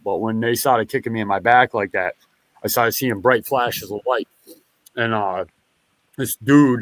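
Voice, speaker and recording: A man's voice: mid-range voice, fairly bright tone, no room sound. Profane, rambling New storyteller man. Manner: restarts and backtracks often. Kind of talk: casual storytelling.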